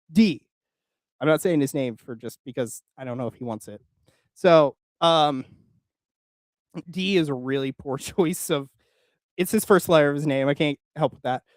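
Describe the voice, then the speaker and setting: A man's voice: fairly high pitch, dry recording. A man hosting his channel in casual chat, rambling and joking with frequent laughs. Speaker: channel host.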